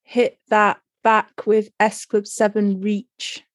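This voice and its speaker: A woman's voice: medium pitch, flat delivery, slow, dry recording, clean studio sound. A woman co-hosting a casual podcast chat, giggly and happy to swear for a laugh. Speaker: podcast co-host.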